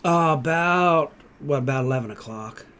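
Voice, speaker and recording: A man's voice: on the high side, normal speed, smooth. A middle-aged man chatting casually, telling rambling stories, swearing freely. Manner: storytelling, swearing freely, rising loud when excited. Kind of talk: casual chat.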